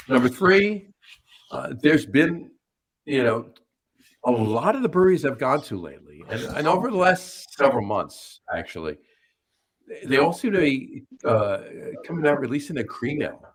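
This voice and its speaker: A man's voice: mid-range voice, sing-song, normal speed, low-quality recording. A man co-hosting a podcast, talking loosely and at length in a casual chat over beers. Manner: loose, rambling list-making. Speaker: podcast co-host.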